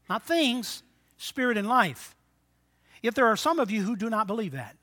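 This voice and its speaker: Pastor in his sixties, high bright voice, preaches with big swings from loud to hushed, asks for amens. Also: big pitch swings, normal speed. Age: 60s. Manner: dynamic preaching, swinging between loud exhortation and quiet, low asides; call-and-response with the congregation. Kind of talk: sermon.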